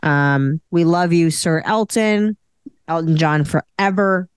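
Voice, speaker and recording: Speaking slowly in a smooth, lowish voice, this podcast co-host rambles through casual conversation, filling it with fillers. The recording is dry and of clean studio quality.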